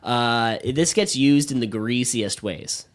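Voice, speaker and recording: A man co-hosting a podcast in a studio, chatting casually in an excitable, rambling way, with lots of fillers and swearing. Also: mid-range voice, slow pace. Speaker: podcast co-host.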